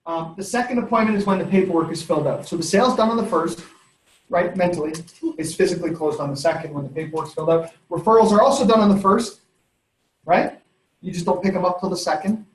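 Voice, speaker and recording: A man, a company head giving a sales training in a lively, storytelling way. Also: sits high, fast talker. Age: 30s. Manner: energetic, conversational, storytelling with laughs. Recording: echoey room.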